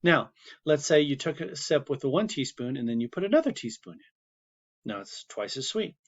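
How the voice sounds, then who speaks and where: A man's voice: a little high, very animated, moderate pace. A man teaching a psychology lesson in a casual, chatty way, with asides and fillers. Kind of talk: classroom video lecture. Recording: slightly muffled lo-fi recording.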